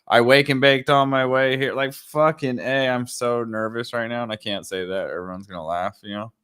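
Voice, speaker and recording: A young man hosting a podcast, telling stories in a rambling, profane, animated way. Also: mid-range voice, moderate pace, smooth. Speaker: podcast host. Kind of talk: casual chat.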